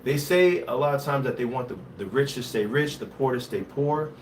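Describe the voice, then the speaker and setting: A man's voice: mid-range voice, moderate pace. Man hosting a livestream, set back from the mic. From Haiti. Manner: reads viewer comments aloud, switching between English and Haitian Creole. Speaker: livestream host. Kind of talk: casual livestream chat reading comments. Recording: faint background noise, somewhat distant from mic.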